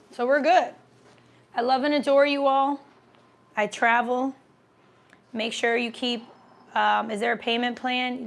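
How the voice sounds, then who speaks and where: A chatty woman hosting a casual livestream, answering viewer comments while she eats. Her voice sits a bit high and carries a gravelly, fry-tinged edge. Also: a little hiss or hum. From American Midwest. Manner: chatty, reads comments aloud, talks while eating.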